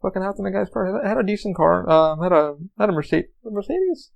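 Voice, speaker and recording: A man's voice: high-pitched, fast, vocal fry, dull audio. A man hosting a podcast, telling rambling, profane anecdotes in a casual monologue. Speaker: podcast host.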